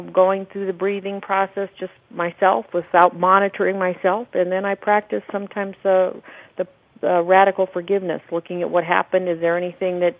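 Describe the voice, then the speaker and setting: A woman's voice: lowish voice, dry recording. A woman, a documentary producer and spiritual teacher, talking earnestly and explaining at length as a guest on a radio interview, laughing often. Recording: tinny phone line.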